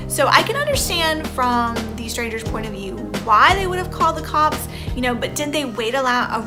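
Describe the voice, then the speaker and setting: Chatty higher-voiced woman vlogger. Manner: chatty and rambling, many "you know" fillers. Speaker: vlogger reacting to an article. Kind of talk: casual reaction commentary. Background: background music.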